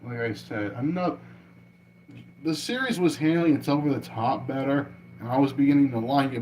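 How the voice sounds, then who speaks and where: A man's voice: medium pitch, animated, moderate pace, darkish tone, a little hiss or hum, poor audio. A man hosting an anime reaction livestream, talking casually and exclaiming often, with frequent restarts and mild slang.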